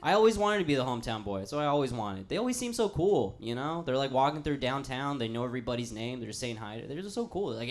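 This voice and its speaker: A man's voice: mid-range voice, fast, few pauses. A young man doing a stand-up set on a small stage, acting out characters as he goes. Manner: animated, acts out characters. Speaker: stand-up comic. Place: small studio stage with live audience.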